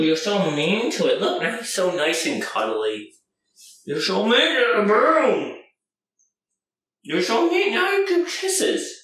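A man making a casual home vlog at night, playfully scolding his dog and jumping into a high sing-song voice. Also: a bit bright. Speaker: vlogger. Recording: echoey room, voice far from the mic, faint noise.

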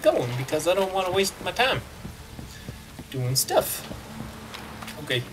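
A man giving casual, excitable commentary while playing a video game, joking and talking back to the game. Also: high voice, a little slow, long pauses, distant mic, background noise. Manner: excitable, jokey, talks to the game. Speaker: let's play gamer.

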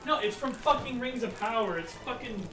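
A man's voice: extremely high pitch, animated, moderate pace. A man co-hosting a game stream in casual chat, ranting and swearing heavily. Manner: profane, ranting, heavy swearing. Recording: loud game music under the voice.

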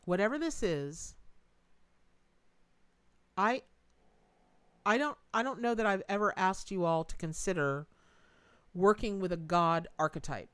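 A woman's voice: mid-range voice, animated, measured pace, long pauses, a bit bright, clean tone, no room sound. Folksy woman reading tarot live. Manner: folksy and emotive, thanks donors, says y'all and Lordy. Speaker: tarot reader and livestream host.

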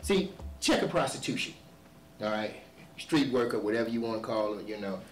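A man's voice: on the low side, lively intonation, fairly quick. Preaching man in an echoey hall. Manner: preaching with rising, shouted emphasis and repeated "see". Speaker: pastor. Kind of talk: sermon. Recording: echoey church hall, voice from far off.

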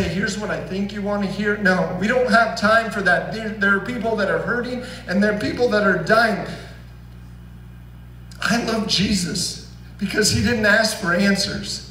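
A man's voice: high voice, a bit bright. A man preaching a sermon as pastor, earnest and emphatic, asking the congregation pointed questions. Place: church sanctuary. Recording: roomy, distant church recording with faint hum.

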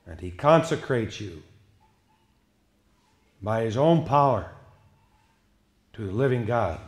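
A man pastor preaching an evening sermon, emphatic and swinging between hushed passages and loud outbursts. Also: medium pitch, animated, takes it slowly.

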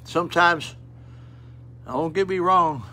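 A man's voice: on the high side, slow, sharp tone. An older man preaching a sermon at a rescue mission, plain-spoken and folksy with fervent appeals, in an auditorium.

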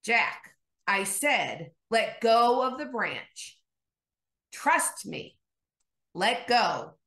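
A woman voicing God as a calm, patient, gently amused presence in a storytelling sermon. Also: fairly high pitch, roomy sound, full character voice. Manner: calm, reassuring, unhurried.

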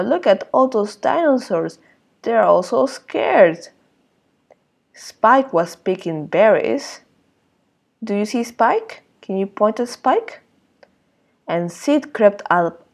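A woman early years teacher leads circle time and reads a picture book to small children. She talks very slowly and with a gravelly edge. She exclaims a lot and keeps asking the little ones questions. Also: medium pitch, a little mellow.

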